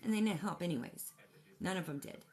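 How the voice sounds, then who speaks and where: A woman's voice: fairly low pitch, a little fast, darkish tone. A mother telling a personal story casually, in an emotional, rambling way with many restarts.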